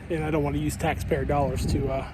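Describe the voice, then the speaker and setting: A man vlogging outdoors by flood water, talking excitedly to his viewers through a handheld camera mic, often exclaiming. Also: a little high, brisk. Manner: excitable, exclaims and talks to viewers as "you guys". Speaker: magnet fishing vlogger. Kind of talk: casual vlog talk to camera. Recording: outdoor noise with passing cars.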